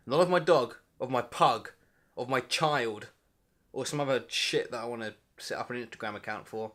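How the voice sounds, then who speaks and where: A playful vlogger in his 20s delivers a comedic monologue to camera, joking in a mock-dramatic style. He jumps between loud bursts and low asides.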